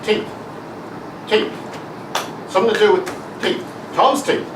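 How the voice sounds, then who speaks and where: A man's voice: high voice, measured pace. An Irish man acting a puzzled village doctor, coaxing and guessing aloud, in an amateur stage comedy. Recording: echoey hall, distant, loud noise.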